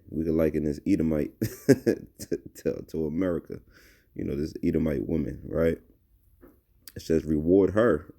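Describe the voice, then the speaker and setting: Male scripture teacher, dark tone, halting delivery full of fillers. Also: a bass voice. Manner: halting, with many fillers and restarts, reads verses aloud. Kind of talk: bible-based commentary.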